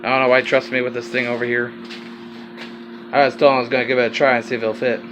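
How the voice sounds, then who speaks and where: A man's voice: mid-range voice, little pitch movement, racing, background noise. A man with a slight Southern accent filming a rambling, casual walkaround of his car project, swearing now and then.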